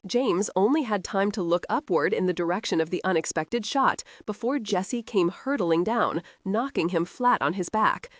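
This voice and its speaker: A woman reading a historical romance audiobook in a steady, expressive scripted narration. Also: medium pitch, normal speed, hardly any pauses, no echo, clean studio sound.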